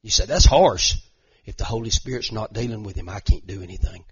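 A man's voice: on the low side, steady tone, fast talker, pushed and bright, slightly rough. A middle-aged male pastor preaching a sermon, conversational with restarts and repeated words, building to impassioned, emphatic repetition. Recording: dull lo-fi recording.

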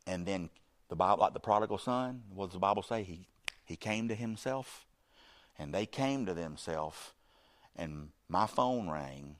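A middle-aged man preaching a sermon, animated, shifting from loud bursts to quiet asides and acting out the voices in his story. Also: deep voice, measured pace. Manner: acts out quoted speech in the story.

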